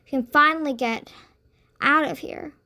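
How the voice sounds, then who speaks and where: A woman's voice: high voice, moderate pace, pushed and bright. Sungha, a worn-out young girl, read by a woman. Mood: tired. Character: frightened, exhausted young girl heroine.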